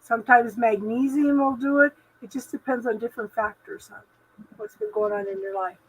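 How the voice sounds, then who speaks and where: A woman hosting a live spiritual talk stream from her home, rambling gently through spiritual advice with lots of fillers and restarts. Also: a little high, brisk, breathy edge, rough recording. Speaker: host.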